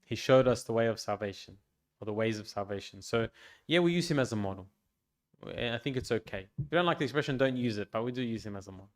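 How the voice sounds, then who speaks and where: A man, a priest, giving an informal pastoral talk to a youth group in a gentle, reflective way, with frequent restarts and fillers. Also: mid-range voice, lively intonation, fast. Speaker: priest leading a youth meeting. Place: church hall.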